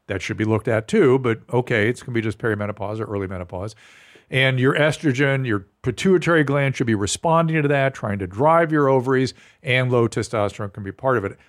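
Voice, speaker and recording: A man's voice: medium pitch, brisk. A man hosting a podcast, a doctor who asks curious questions and explains medical points plainly. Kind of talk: casual interview, medical advice.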